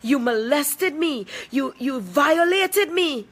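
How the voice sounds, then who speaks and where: A woman in her 40s speaks out in an angry, confrontational personal video, emphatically repeating points for force. Her voice sits high and is animated, and she talks at a slow pace.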